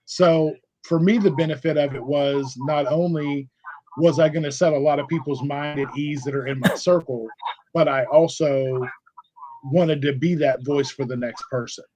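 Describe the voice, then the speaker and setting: A man's voice: on the high side, fairly even intonation, moderate pace, darkish tone. A man in his forties, a podcast guest telling his story in a frank, emphatic, conversational way. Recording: dull lo-fi audio with faint noise.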